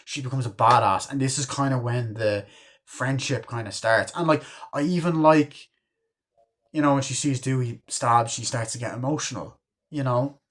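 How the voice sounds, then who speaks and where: Male fan reviewer, casual and excitable, rambly delivery, swears a lot. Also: mid-range voice, moderate pace. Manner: rambling, profane, lots of fillers like "you know" and "like"; enthusiastic fan. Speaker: movie reviewer. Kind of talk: casual spoken film review.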